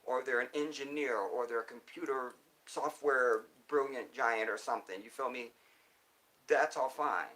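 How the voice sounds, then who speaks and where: A man's voice: mid-range voice, moderate pace, sharp tone. A man hosting a casual livestream, reading viewer comments and answering them in a profane, emphatic and preachy way, often checking in with the listener. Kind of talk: casual live chat.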